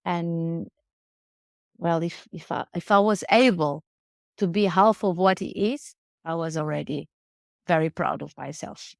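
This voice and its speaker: A woman's voice: on the low side, unhurried, vocal fry, dry recording, studio quality. A woman, speaking earnestly in a casual interview and often repeating words as she searches for phrasing. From Portugal. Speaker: guest, riding instructor.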